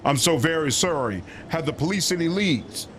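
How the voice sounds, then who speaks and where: A man voicing a formal, courtly gentleman adventurer, reading game dialogue aloud. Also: on the high side, expressive, moderate pace, a little hiss or hum. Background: game music.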